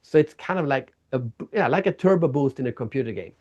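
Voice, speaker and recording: A man guest in a casual interview, telling stories in an animated way and acting out people's reactions. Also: mid-range voice, quick pace, lo-fi sound. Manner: animated storyteller, acts out reactions. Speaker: guest, keynote speaker and author.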